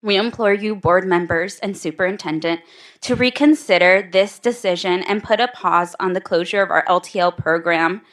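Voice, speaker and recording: A woman's voice: mid-range voice, normal speed, fairly bright tone. A mother giving an emotional prepared public comment at a school board meeting, close to tears.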